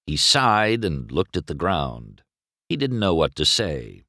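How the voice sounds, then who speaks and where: A man reading a children's storybook aloud in an expressive, unhurried way. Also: low voice, dry recording, studio quality. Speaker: storybook narrator.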